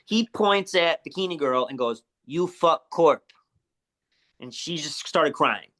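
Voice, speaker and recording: Give me a man from the Chicago area swearing and laughing through old stories, bright voice. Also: fairly high pitch, expressive, moderate pace. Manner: profane, laughing storyteller. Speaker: wrestler guest. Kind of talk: casual storytelling interview.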